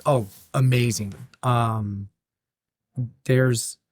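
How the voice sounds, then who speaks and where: A man, a podcast guest, tells a lively story in casual chat, laughing and acting out what others said. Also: mid-range voice, very slow, no echo. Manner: animated, laughing, acts out quotes. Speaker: podcast guest, brewery owner.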